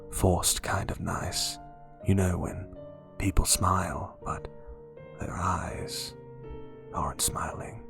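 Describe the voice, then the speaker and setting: A man voicing a quiet, worried man in his late fifties with a Liverpool accent, speaking in grave, half-whispered warnings. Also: sits low, vocal fry. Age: 50s.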